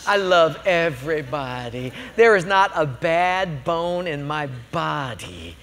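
A man voicing a smug, self-righteous churchgoer in a soft, drawn-out, syrupy tone, with a long hall echo. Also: a little high, animated, a little hiss or hum, voice pushed down, heavily acted. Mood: pious.

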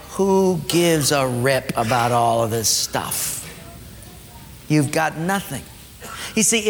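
High-voiced preacher in an echoey hall. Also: male voice, fairly bright tone. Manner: emphatic, drops low on key points. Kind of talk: sermon. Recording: echoey hall, faint ambience.

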